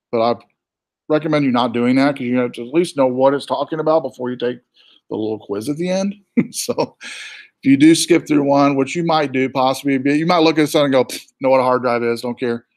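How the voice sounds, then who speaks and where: A male college instructor with a Southern US accent, talking casually through an online course site with chatty asides. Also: mid-range voice. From born in New York, raised in the US South. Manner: relaxed and chatty, with fillers and asides. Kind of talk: casual screen-share walkthrough.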